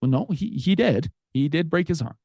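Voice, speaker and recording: A man's voice: on the high side, animated, moderate pace, mellow, no room sound. A man hosting a podcast, telling a personal story in an earnest, reflective way with restarts. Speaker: podcast host.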